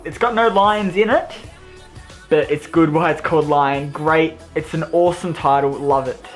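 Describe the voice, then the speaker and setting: Chatty Australian guy reviewing films. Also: fairly high pitch. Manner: enthusiastic, rambling, self-deprecating. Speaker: movie reviewer. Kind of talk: casual vlog review.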